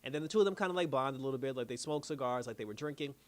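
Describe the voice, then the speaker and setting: A man's voice: mid-range voice, lively intonation, rapid-fire. A man giving a casual, slangy recap of a TV episode, telling the story loosely with lots of fillers. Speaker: show reviewer.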